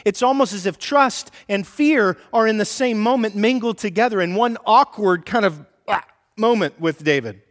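A man's voice: high-pitched, moderate pace, in a large hall. A man preaching a sermon as a pastor, conversational and humorous with playful asides.

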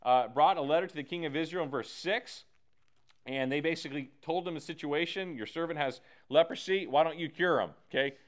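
An American man leads a casual Bible study, slangy and animated, performing the characters as he teaches. His voice is a little high and his pace brisk.

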